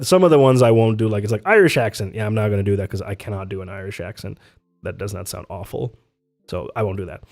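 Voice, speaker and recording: A man's voice: medium pitch, a little mellow. A man live-streaming from his home setup, chatting casually and answering his chat, rambling and laughing often.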